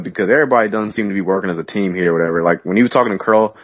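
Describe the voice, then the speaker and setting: A man co-hosting a podcast, talking in casual, profane, animated chat and laughing often. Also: lowish voice, racing, breathy edge, no echo, muffled recording. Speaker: podcast co-host.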